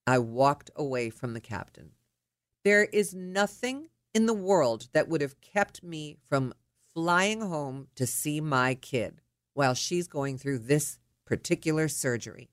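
A middle-aged woman telling a personal story in a lively, indignant way. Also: sits low, a little slow, dry recording, studio quality. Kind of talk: personal anecdote.

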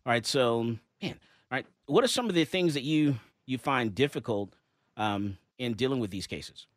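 A man's voice: medium pitch, moderate pace, dry recording. A man hosting a casual talk show, telling stories with acted-out quotes and frequent laughs. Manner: animated storyteller, acts out quotes, laughs often. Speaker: host and handgun license instructor. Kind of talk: casual talk radio chat.

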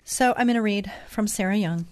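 A woman's voice: medium pitch, brisk, a little mellow, no room sound. A woman hosting a faith talk show, speaking in an earnest, heartfelt and openly emotional way in an inspirational monologue from a studio.

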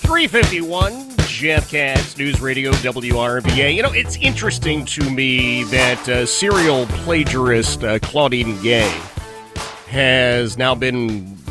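Animated indignant male radio host. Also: slow, over music. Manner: animated, indignant, pitch jumps when worked up. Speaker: radio talk show host. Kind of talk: talk radio monologue.

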